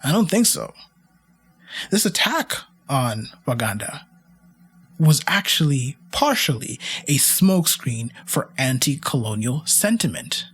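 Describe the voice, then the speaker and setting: A man's voice: mid-range voice, fairly bright tone, breathy edge. A man hosting a history podcast, telling the story in a casual, wry way with asides to the listeners. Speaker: podcast host.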